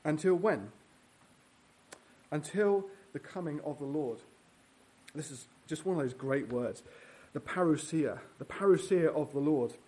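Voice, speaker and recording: Preacher man with a slightly high voice. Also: animated, a little slow, mellow. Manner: earnest, prays, teaches verse by verse with fillers and restarts. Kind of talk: sermon. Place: church.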